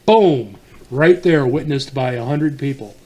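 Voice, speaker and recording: A man's voice: mid-range voice, expressive, a little slow, darkish tone, slight background noise. A man with a Boston accent co-hosting a podcast, chatting casually in a rambling, profane way that trails off and restarts. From New England. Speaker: podcast co-host. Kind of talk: casual chat.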